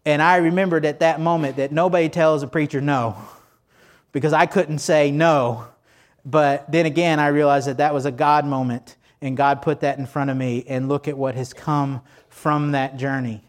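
A man's voice: a little high, steady tone, normal speed. A pastor preaching a sermon to his congregation in a church, conversational and joking, asking many rhetorical questions.

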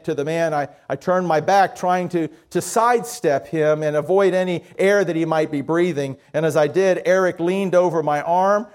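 A man preaching a sermon as a pastor, telling a story earnestly and then praying softly and slowly. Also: high-pitched. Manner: earnest storytelling that drops to a soft, slow prayer. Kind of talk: sermon with a told story and prayer.

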